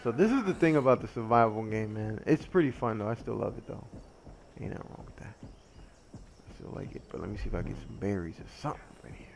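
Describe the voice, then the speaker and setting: Fairly low and quick, with vocal fry and a bit of hiss or hum, a man rambles while playing a survival game. He cracks jokes about himself, loses track easily, and yelps in excitement when something attacks.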